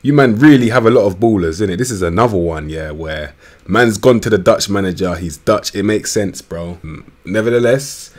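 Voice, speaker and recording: Young man, low-pitched, slangy and excitable, riffing over a football management game. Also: normal speed. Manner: slangy, swearing, rambling and excitable. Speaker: gaming YouTuber.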